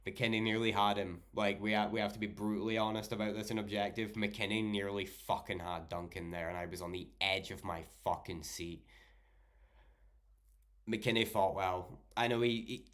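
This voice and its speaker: This Scottish streamer has a low, fairly bright male voice, speaking at normal speed in a steady tone. Intoxicated and worn out, he reads his chat during a casual livestream, rambling, joking and swearing a lot.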